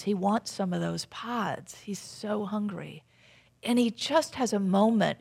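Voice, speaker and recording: A woman's voice: mid-range voice, creaky. A woman giving a conversational sermon, storytelling and asking the audience questions.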